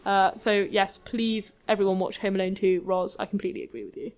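A woman's voice: mid-range voice, little pitch movement, fairly quick, a little mellow. A woman co-hosting a casual pop culture podcast, chatty and enthusiastic with lots of fillers. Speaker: podcast co-host.

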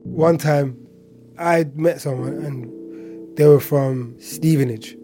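A man's voice: a little high, slow pace, warm tone, soft background music. A man casually telling a personal story, chatty and full of filler words and asides.

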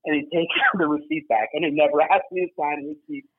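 A man's voice: on the high side, fairly even intonation, a little fast, slightly rough. A man telling a story casually as a guest, swearing and filling his talk with fillers. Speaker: guest, former double agent. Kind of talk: animated storytelling. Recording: tinny phone-like line.

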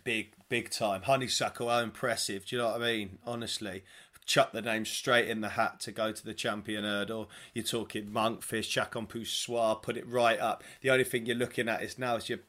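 Excitable racing pundit. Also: male voice, fairly low pitch, moderate pace. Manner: excitable, lots of "do you know what I mean". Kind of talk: casual sports chat.

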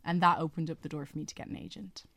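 A young woman talks in a fairly low voice, chatty and quick to giggle, with plenty of trailing fillers. She sounds close and dry, with no room around her. She is a singer and actor chatting as an interview guest. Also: fairly even intonation, fairly bright tone, no room sound. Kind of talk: casual radio interview chat.

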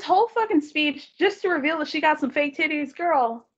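Higher-voiced woman gossiping about a tv show, laughs a lot, kinda muffled audio. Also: a little fast, few pauses. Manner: animated, quotes people in put-on voices, laughs often. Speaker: podcast co-host recapping a reality show. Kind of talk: casual chat.

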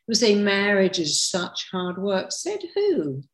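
A woman's voice: medium pitch, huge pitch swings, unhurried. A middle-aged woman speaking in a podcast conversation, emphatic, acting out the people she quotes. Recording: roomy echo.

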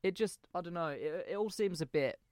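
A man's voice: sits high, a little fast, a little mellow, no echo, studio quality. A young man from England, hosting a podcast and telling history in a casual, hesitant, chatty way. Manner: chatty, hesitant, self-deprecating. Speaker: podcast host.

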